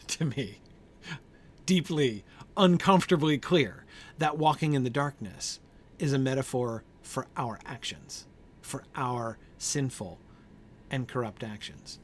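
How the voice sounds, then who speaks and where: Over slight background noise, a medium-pitched man runs an informal Bible study group, thinking aloud with frequent fillers. He repeatedly asks "right?" and answers members by name.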